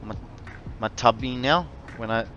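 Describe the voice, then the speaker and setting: Australian male game streamer, bright voice, easygoing rambling chat with viewers. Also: mid-range voice, a little slow, highs cut off, slight background noise. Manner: rambling, chatty, friendly to chat. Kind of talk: casual live-stream chat while gaming.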